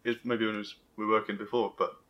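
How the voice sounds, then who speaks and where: A man's voice: on the low side, flat delivery, quick pace, highs cut off, slight background noise. A young man co-hosting a podcast, adding brief offhand remarks in casual chat. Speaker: podcast co-host.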